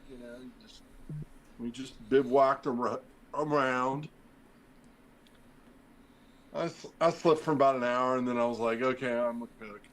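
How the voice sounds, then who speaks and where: A man's voice: medium pitch, poor audio. Rambling middle-aged man telling a story. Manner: rambling, acts out quoted dialogue, many fillers. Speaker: podcast guest, former firefighter. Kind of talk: casual storytelling interview.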